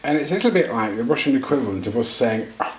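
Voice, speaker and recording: A man's voice: medium pitch, expressive, racing, roomy sound, slight background noise. A British man cooking at home and chatting casually to the camera, making self-deprecating jokes as he goes. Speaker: vlogger. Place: home kitchen.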